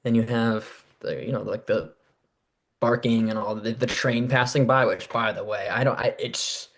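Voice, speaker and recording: Young guy cohosting a chill podcast, animated, swears a bit, lots of likes and ums. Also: medium pitch, moderate pace. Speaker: podcast co-host. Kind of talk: casual chat.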